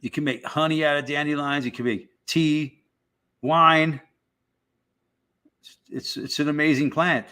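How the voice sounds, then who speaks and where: A man's voice: a little high, fairly even intonation, unhurried, pauses often, bright, forceful tone, clear, resonant tone. A middle-aged man hosting a casual live stream, rambling and swearing in a laid-back way.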